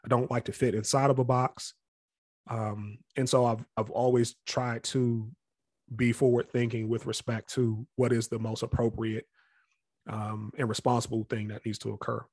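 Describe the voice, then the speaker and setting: This is a man talking in a relaxed interview, reflective and candid about his past, with a mid-range voice. He often slips into other people's voices to act out what they said. The recording sounds close and dry. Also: medium pitch, moderate pace, dry recording. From Capitol Heights area near Washington, D.C. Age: adult past college age. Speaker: interview guest. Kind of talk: casual storytelling interview.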